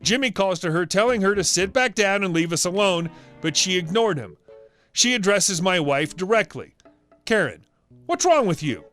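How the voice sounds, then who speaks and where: A man in scripted narration, reading out a story with a brisk storytelling manner. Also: high-pitched, a bit bright, soft background music.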